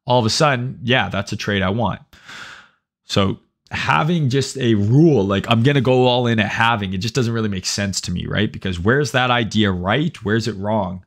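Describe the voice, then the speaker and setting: A man's voice: on the low side, moderate pace. A man hosting a trading livestream, talking casually with swearing and a habit of tagging "right?" on his points while reading chat aloud. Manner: conversational, profane, reads chat aloud, frequent "right?". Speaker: livestream host, trading educator.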